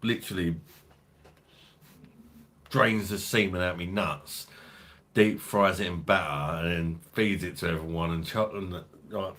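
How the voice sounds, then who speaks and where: A man with a London accent and a very deep, low voice talks through a casual livestream. He jokes crudely, swears freely and rambles as he reads out viewer comments. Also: unhurried, pauses often, a bit bright. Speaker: host of a beer review livestream.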